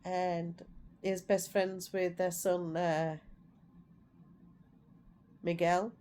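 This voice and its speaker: Woman, middle-aged, casual vlog chat, rambling, warm mellow tone, faint background noise. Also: on the low side, level tone, extremely slow. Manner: rambling, repeats herself, chatty. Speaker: vlogger.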